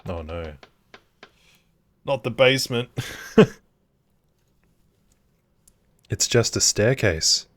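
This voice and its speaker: A gaming YouTuber giving upbeat, joking let's play commentary on a horror game. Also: male voice, fairly low pitch, animated, very slow, pauses often, fairly bright tone, no room sound, clean studio sound.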